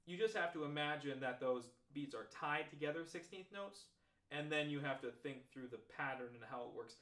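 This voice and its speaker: A man teaching trombone practice techniques, talking step by step through examples in a relaxed, explanatory way. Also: on the high side, normal speed. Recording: roomy echo.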